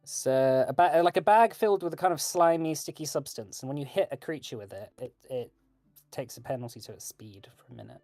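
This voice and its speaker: Man, game master, relaxed and halting delivery, warm dark tone, dry mic. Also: on the high side, no echo, soft background music. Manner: relaxed, hesitant, many fillers. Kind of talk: narrating a tabletop game.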